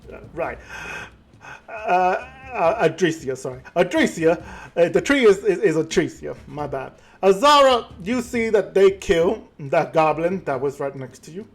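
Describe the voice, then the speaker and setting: A man narrating a tabletop game as game master, halting and full of fillers and self-corrections. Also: high voice, expressive.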